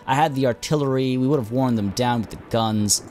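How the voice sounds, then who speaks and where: A man's voice: medium pitch, fairly quick, a little mellow, soft background music. A man hosting a game let's play, losing his voice as he thinks aloud with plenty of uhs and ums. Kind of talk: gameplay commentary.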